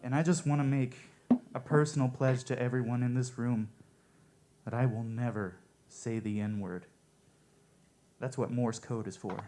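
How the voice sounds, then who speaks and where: A man performing stand-up one-liners at a coffee shop open mic, with a deadpan, offhand delivery. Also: mid-range voice, moderate pace, pauses often, noisy background.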